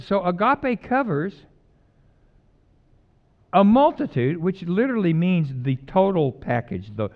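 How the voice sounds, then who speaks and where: A middle-aged male pastor preaching a conversational sermon, mixing loud emphatic lines with quiet, jokey personal stories. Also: lowish voice, narrow, tinny audio.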